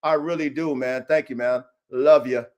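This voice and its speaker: A man's voice: medium pitch, fairly even intonation, moderate pace, darkish tone. A man hosting his own dog-training channel, talking in a brash, taunting, profane livestream rant, tacking "man" onto nearly every line.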